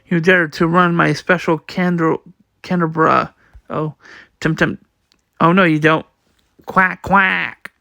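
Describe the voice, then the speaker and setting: A man's voice: on the high side, little pitch movement, a little slow, gravelly, long pauses, sharp tone, dry recording, clean studio sound. A man reading a manga aloud, voicing every part and the sound effects, often stumbling and repeating words. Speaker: comic reader.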